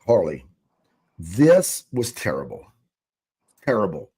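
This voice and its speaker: A man's voice: medium pitch, expressive, measured pace, a little mellow. Blunt, profane male podcast host. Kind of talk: casual podcast chat.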